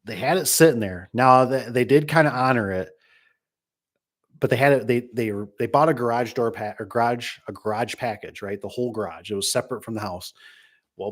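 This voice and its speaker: A man's voice: mid-range voice, fairly quick. Rambling, joking middle-aged man. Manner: rambling, joking, many restarts and asides. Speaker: garage door business owner. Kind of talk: casual storytelling to a live chat.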